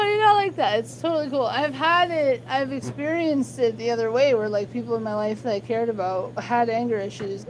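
A woman chatting casually with a friend, telling lively stories, laughing often and swearing freely. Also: a little high, a little hiss or hum, low-quality recording. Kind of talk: casual chat between friends.

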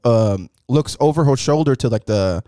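Animated young man telling a story. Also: mid-range voice, moderate pace, smooth, no echo, clean studio sound. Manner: animated, acts out quotes with swearing. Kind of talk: casual storytelling chat.

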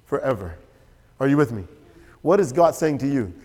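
A man preaching a sermon as pastor, animated and storytelling. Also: medium pitch, moderate pace. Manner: animated, storytelling with quoted voices and laughter. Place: church sanctuary. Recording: church hall with long reverb.

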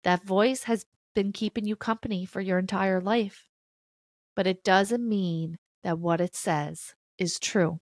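A woman's voice: medium pitch, fairly even intonation, measured pace, no room sound. Earnest woman giving a motivational talk, dry sound. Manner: earnest, emphatic, with blunt casual swearing; repeats key phrases for emphasis. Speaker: podcast host.

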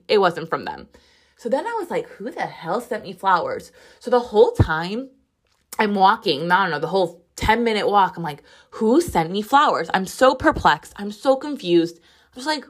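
A woman's voice: mid-range voice, fairly bright tone. A woman in her twenties hosting a podcast, telling a story in casual, chatty talk full of "like" and swearing. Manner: chatty, profane storytelling with lots of "like". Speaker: podcast host. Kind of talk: casual solo podcast monologue.

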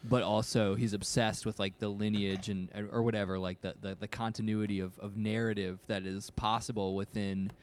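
A man's voice: lowish voice, little pitch movement, moderate pace, hardly any pauses. A laid-back man on a video call discussing a novel, often searching for the right word. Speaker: book club member.

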